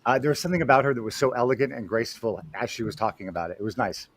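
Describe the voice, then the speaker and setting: A man co-hosting a live comedy entertainment news chat over a video call, chatty and quick. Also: mid-range voice, expressive, husky, no echo.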